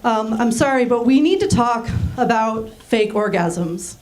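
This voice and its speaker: A woman in her thirties, raised in Germany, doing a deadpan stand-up set on a small theater stage with frequent ums. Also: fairly high pitch, unhurried, heavy background noise. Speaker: stand-up comedian. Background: audience laughing.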